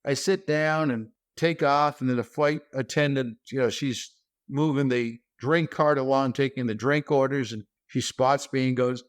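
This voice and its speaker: A man, a stand-up comedian, telling animated, self-deprecating stories as a guest over a video call. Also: medium pitch, normal speed, clean tone. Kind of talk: comic storytelling.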